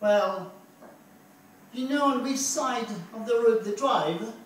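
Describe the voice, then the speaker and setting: A woman with a French accent doing a deadpan stand-up routine at a bar open mic, asking the audience questions between punchlines. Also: on the high side, slow pace, slight background noise. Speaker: stand-up comedian. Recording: echoey bar from far off.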